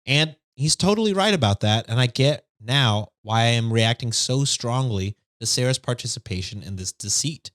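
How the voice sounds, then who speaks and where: A young man hosting a podcast, reading online posts aloud in a steady voice and chatting with his cohosts. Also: mid-range voice, moderate pace, few pauses, no echo, studio quality. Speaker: podcast host reading stories.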